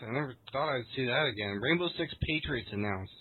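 A man's voice: medium pitch, a little fast, breathy edge. A man co-hosting a casual podcast chat, with a wry, joking manner. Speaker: podcast co-host. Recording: tinny phone-like sound.

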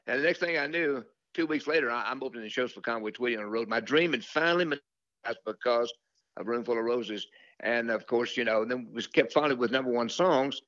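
A man's voice: medium pitch, brisk, a bit bright, dry recording, muffled recording. An older man, a country singer telling rambling stories from his career in an interview, full of fillers and restarts. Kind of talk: relaxed storytelling interview.

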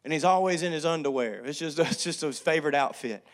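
A pastor in his thirties preaching a sermon, acting out family quarrels and swinging from loud to hushed. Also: on the high side, fast.

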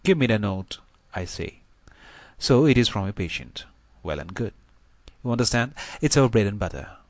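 Audiobook: male reader as a chatty, confiding country doctor, middle-aged, lowish voice, dry recording. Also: sing-song, moderate pace, a little mellow, no echo. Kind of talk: audiobook reading.

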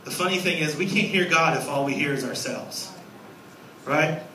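A man in his thirties preaching a sermon as a guest pastor, lively and storytelling, acting out little scenes. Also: fairly high pitch, normal speed, reverberant, far from the mic, slight background noise, rough recording. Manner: animated, acts out scenes with a raised voice. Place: church sanctuary.

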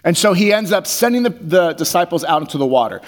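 A man delivering a sermon in a relaxed, conversational way, in a voice pitched a little higher than most men's. He reads passages of scripture aloud, then unpacks them in everyday words. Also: quick pace. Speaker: pastor.

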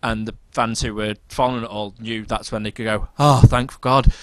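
A man talks quickly and eagerly as he co-hosts a casual podcast. He gushes about the things he loves in a voice of middling pitch. The sound is close and dry. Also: flat delivery, fairly bright tone, clear, resonant tone, no room sound. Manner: enthusiastic, gushing fan talk. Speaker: podcast co-host.

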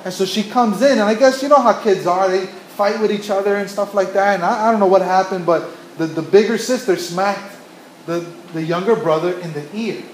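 Earnest high-voiced male preacher, echoey room. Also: a little fast, a little hiss or hum. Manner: earnest storytelling with many restarts and repetitions. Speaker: pastor. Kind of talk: sermon.

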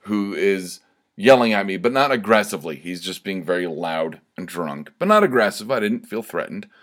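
A man's voice: low-pitched, expressive, normal speed, a bit bright. A man telling a long personal anecdote in a loose, conversational way, full of asides and fillers. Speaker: storyteller. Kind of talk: casual anecdote storytelling.

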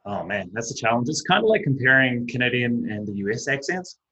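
Quick-talking New Zealand man. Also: medium pitch, sing-song, bright, forceful tone, rough recording. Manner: quick, runs words together. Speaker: guest teacher. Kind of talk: casual podcast chat.

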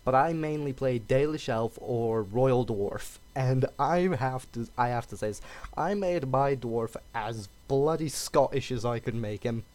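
A man co-hosting a casual gaming podcast, animated and quick to laugh, slipping into character voices. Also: medium pitch. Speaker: podcast co-host.

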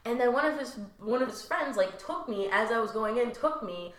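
A young woman telling a story as a podcast guest in casual chat, animated, swearing freely and acting out what people said. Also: a little high, brisk. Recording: roomy echo.

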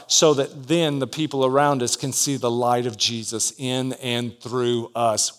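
A man's voice: on the high side, a bit bright. A man preaching a sermon as pastor, dynamic, acting out the voices in his story and calling out for amens.

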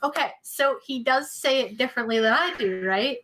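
Giggly, teasing woman from Maine, higher voice. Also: normal speed, pushed and bright, a little hiss or hum, poor audio. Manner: giggly, teasing, reads viewer comments aloud. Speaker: co-host reading chat. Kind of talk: casual live-stream chat.

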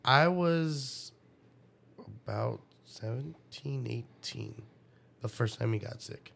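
A young man, a father, telling a story in a casual interview, profane and animated. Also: medium pitch, takes it slowly, gravelly. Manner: profane, animated, acts out his own past dialogue.

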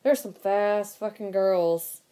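A woman's voice: medium pitch, takes it slowly, warm tone, smooth. A woman in casual chat as co-host, laughing often and swearing casually.

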